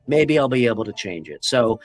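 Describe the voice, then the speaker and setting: A man's voice: mid-range voice, very animated, fairly quick. A man co-hosting a tabletop gaming podcast, arguing passionately and swearing a lot in casual discussion. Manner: impassioned and profane, lots of swearing. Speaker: podcast co-host.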